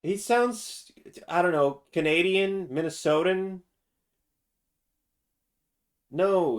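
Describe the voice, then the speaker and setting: A man's voice: high voice, unhurried. A man streaming a casual, profane rant while reacting to a game trailer, restarting his sentences often. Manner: drawling and profane, with frequent restarts.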